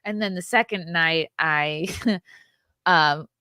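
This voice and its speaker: A woman in her thirties, a podcast host, telling a story in a casual, animated way, with swearing and laughter. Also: on the low side, slow, no room sound, clean studio sound.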